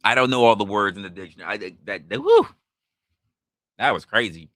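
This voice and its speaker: A podcast host with a lowish voice talks fairly quickly, recorded dry and at studio quality. Hosting a live stream while drinking, he reacts to chat and tells a profane, animated story, voicing the people in it and swearing a great deal.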